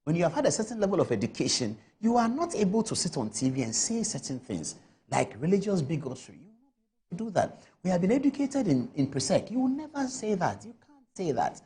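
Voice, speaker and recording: A woman's voice: fairly low pitch, sing-song, fast, mellow. A woman giving heated political commentary on a TV panel, firing off rhetorical questions and scolding with repetition. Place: TV studio.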